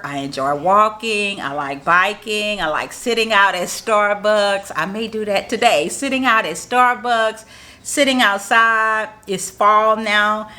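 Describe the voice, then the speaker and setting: A woman's voice: mid-range voice, unhurried, bright, forceful tone. A woman, a marketing strategist, giving a casual how-to tutorial in an upbeat, positive, motivational way, restating her points in plain, encouraging talk.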